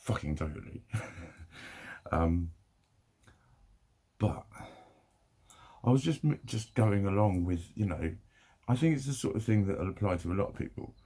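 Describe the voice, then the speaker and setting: A man's voice: low voice, normal speed, pauses often, dark tone. A young man ranting to camera in a sweary, rambling, heated way. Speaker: vlogger.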